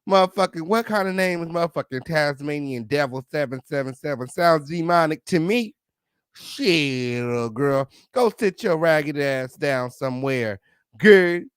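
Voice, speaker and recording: Brash, foul-mouthed gossip host, dry sound. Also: male voice, fairly high pitch, expressive, a little slow, smooth, no room sound. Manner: brash, sassy, swearing, repeats "okay" and "period". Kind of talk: profane celebrity gossip commentary.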